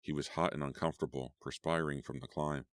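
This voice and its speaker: Very deep-voiced male horror narrator. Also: fairly even intonation, brisk, dry recording, studio quality. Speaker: audiobook narrator. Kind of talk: scripted horror audiobook narration.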